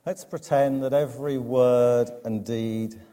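Man, sermon, slow deliberate delivery, warm low voice, long church echo. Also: fairly even intonation. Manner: measured, emphatic preaching with dramatic pauses. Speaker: preacher.

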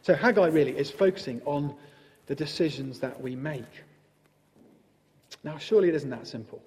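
Mellow-voiced male preacher, echoing hall. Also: a little high. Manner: gentle, conversational, with ums and pauses. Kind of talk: sermon.

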